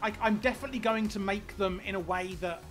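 A man live-streaming a game, chatting casually with viewers in an excitable, rambling way, often stammering and repeating words. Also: sits high, fast, soft background music.

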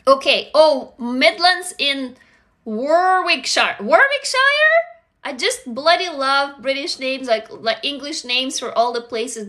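A woman from Russia, Russian by first language, hosting a casual livestream chat, energetic, greeting viewers and swearing freely. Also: sits high. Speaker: livestream host.

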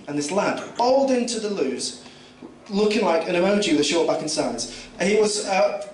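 A man's voice: high voice, expressive, moderate pace. A young man from Kent with a southern English accent, doing a rambling, self-mocking stand-up set full of fillers and restarts. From England, Kent. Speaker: stand-up comedian. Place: comedy club stage. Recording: roomy, distant mic, noisy room.

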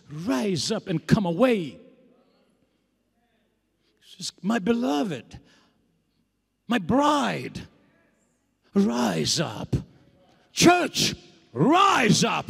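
A man preaching a fervent sermon, shouting calls to rise up and reading scripture slowly. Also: vocal fry, husky. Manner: reads scripture slowly and drops low. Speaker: apostle preaching. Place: large church hall. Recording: long hall reverb.

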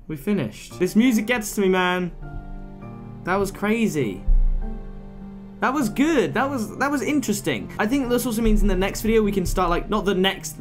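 Animated young guy narrating a game. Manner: chatty and playfully dramatic, swooping in pitch. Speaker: gaming channel host. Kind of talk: relaxed let's-play commentary. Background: faint game music.

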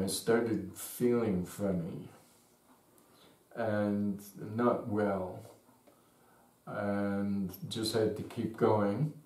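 A man telling a personal story as a slow, thoughtful reminiscence. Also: on the low side, darkish tone. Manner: unhurried, thoughtful. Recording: roomy echo, distant mic.

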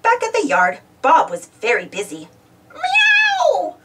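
Lively woman reading a kids' storybook. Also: mid-range voice, normal speed, recorded from a distance. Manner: expressive, animated. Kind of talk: children's storybook read-aloud.

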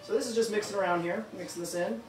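A man's voice: high voice, rapid-fire, music in the background. A man hosting a live cooking class, chatting as he explains each step. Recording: echoey room, mic far off.

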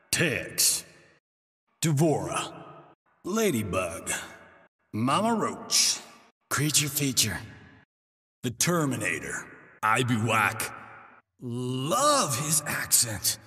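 A cocky movie-star fighter calling out fighters' names in a video game. He drags out his smug, mocking quips slowly, and his pitch swoops widely from line to line. A long reverb trails after each word. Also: a bit bright, heavily acted. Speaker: game announcer. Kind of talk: video game character voice lines.

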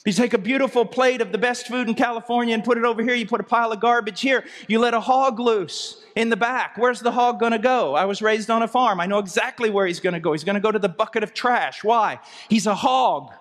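A man delivers a sermon in a high, urgent voice that climbs to near-shouts and drops to hushed, low lines. The sound carries a long reverb, as from a large church hall. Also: brisk, few pauses. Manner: impassioned, swinging from soft low asides to raised cries. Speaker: preacher.

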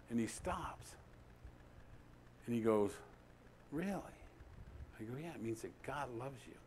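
A middle-aged male pastor preaching in an animated storytelling way. He acts out both sides of a conversation and slows down for dramatic pauses. His voice sits a little higher than most men's. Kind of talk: sermon with storytelling.

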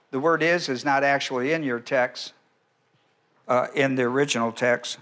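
A male pastor works through a sermon verse by verse, speaking deliberately in a medium-pitched, steady, slightly bright voice. He restarts often and now and then clears his throat.

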